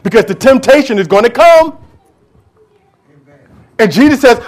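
A pastor preaching a sermon emphatically, often repeating words for stress. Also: male voice, high voice, animated, moderate pace, long pauses.

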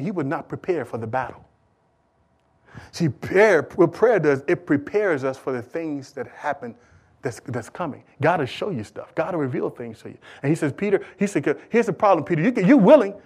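Pastor, male, high voice, animated sermon delivery with loud and hushed passages, asks the room questions. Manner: animated preaching, big swings from loud to hushed; asks the congregation questions, repeats words for emphasis. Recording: audio recording of a live sermon.

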